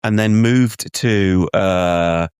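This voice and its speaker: A man's voice: low-pitched, extremely slow, darkish tone, smooth, dry recording, studio quality. A man co-hosting a podcast, telling a rambling story in casual chat, laughing often and restarting his sentences. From England. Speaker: podcast co-host.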